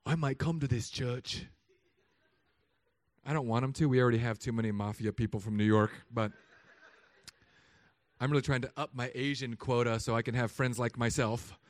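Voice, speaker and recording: A man, a pastor, preaching a sermon in a relaxed storytelling way, acting out voices now and then. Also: mid-range voice, dry recording. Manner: conversational storytelling with put-on voices. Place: church hall.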